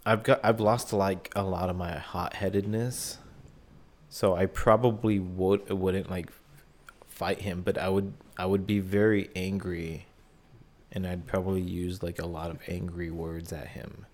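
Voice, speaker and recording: A man's voice: deep voice, flat delivery, measured pace. A young man in casual chat, laid-back and rambling, poking fun at himself.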